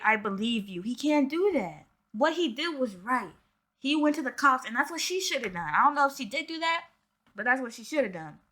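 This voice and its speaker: A woman's voice: high voice, sharp tone. A woman giving casual commentary straight to her viewers. She talks in an emphatic, slangy way. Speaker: commentary YouTuber.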